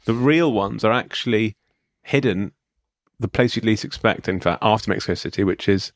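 A man's voice: fairly low pitch, moderate pace, vocal fry, no room sound, clean studio sound. A man co-hosting a comedy chat podcast, riffing on ideas and laughing often. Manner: riffing, bursts into laughter, puts on silly voices. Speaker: podcast co-host.

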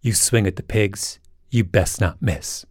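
A man's voice: lowish voice, measured pace, background noise. A man hosting a podcast in wry, emphatic scripted narration. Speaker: podcast host.

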